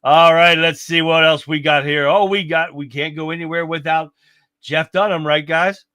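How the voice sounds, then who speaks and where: Reacting to clips on his livestream, this man chats casually with viewers, folksy and full of exclamations. His voice is a little high, pushed and bright, holding a steady tone at a moderate pace with no echo in the sound.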